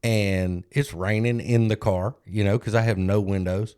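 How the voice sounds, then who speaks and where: Low-voiced man telling a candid story. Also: steady tone, measured pace, warm tone, clean tone. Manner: candid, self-deprecating storyteller. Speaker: podcast co-host. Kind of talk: casual storytelling chat.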